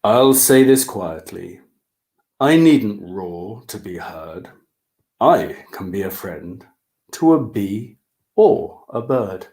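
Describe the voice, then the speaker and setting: A man reading a picture book aloud, voicing a gentle, thoughtful young male lion who recites a poem calmly. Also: mid-range voice.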